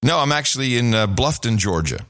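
A man's voice: medium pitch, brisk, dry recording, studio quality. A man co-hosting a casual talk show, laughing often and telling stories. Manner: laughs often, animated storytelling. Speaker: podcast co-host. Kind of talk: casual chat.

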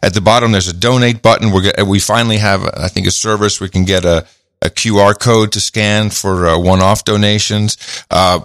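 A man with a very low voice co-hosts a podcast in relaxed, casual chat, dropping wry asides. The recording is dry and close, with little room sound. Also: normal speed, no echo. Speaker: podcast co-host.

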